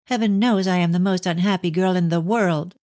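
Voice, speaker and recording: A man's voice: high voice, moderate pace, darkish tone, no echo, voice pushed up, lightly acted. Young victorian daughter done by a man, earnest, pleading, defiant, audiobook, dry sound. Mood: distressed. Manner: pleading, raised and earnest delivery. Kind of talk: audiobook reading of a novel.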